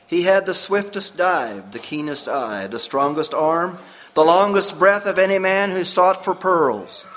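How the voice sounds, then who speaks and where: A man voicing an old, devout and stubborn pearl diver who speaks slowly and solemnly in a hushed voice. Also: sits high, slight background noise. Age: older.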